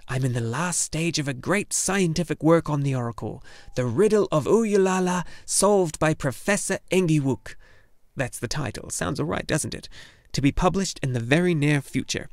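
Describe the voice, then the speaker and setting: A man's voice: fairly high pitch, expressive, moderate pace, dry recording, clean studio sound, pitched above the performer's own voice. A man voicing a self-important little old male gnome who fancies himself a great scholar. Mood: pompous.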